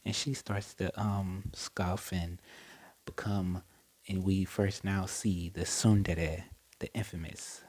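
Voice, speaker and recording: A man's voice: low voice, little pitch movement, slow pace, a little mellow, slightly rough, low-quality recording. A young man casually retelling a story, rambling with lots of fillers and self-corrections. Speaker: storyteller retelling a fan scenario.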